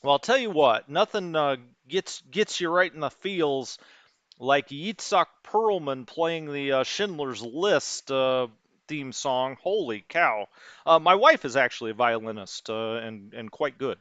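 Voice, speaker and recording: A man's voice: mid-range voice, expressive, a little slow, fairly bright tone, dry recording, muffled recording. A man streaming a strategy wargame, muttering through unit numbers and chatting with his live chat. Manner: thinks aloud, muttering over unit numbers.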